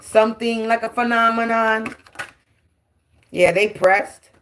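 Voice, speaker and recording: A woman's voice: a little high, steady tone, slow pace, a bit bright, slight background noise. A woman, giving a brash, profane, taunting spiritual tarot monologue. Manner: taunting, repetitive, defiant.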